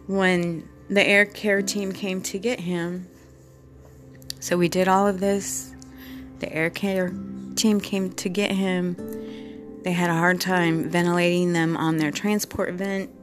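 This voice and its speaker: A woman's voice: lowish voice, little pitch movement, soft background music. Earnest woman telling a hard story. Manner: earnest, halting, repeats herself. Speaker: respiratory therapist. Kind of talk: personal storytelling.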